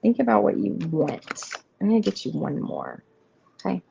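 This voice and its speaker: A woman's voice: medium pitch, expressive, normal speed, gravelly. A woman hosting a live tarot reading, chatting casually and rambling through the cards with many fillers, reassuring the viewers. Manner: reassuring, speaks straight to viewers. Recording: slightly muffled stream audio with faint noise.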